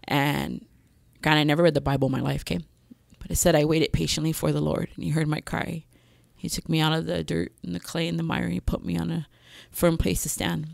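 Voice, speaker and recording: A woman telling her life story as a podcast guest, speaking candidly and pausing often with "um.". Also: deep voice, level tone, creaky, no room sound, studio quality. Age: adult mother with several children. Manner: candid, frequent "um" pauses, acts out her past self. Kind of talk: personal testimony in a podcast interview.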